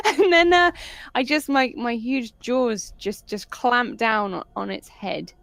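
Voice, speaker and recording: A woman's voice: fairly high pitch, expressive, slow, creaky, a bit bright, no echo. A woman playing in a tabletop game, playful and giggly, rambling as she describes her moves. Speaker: player. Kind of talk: casual tabletop game chat.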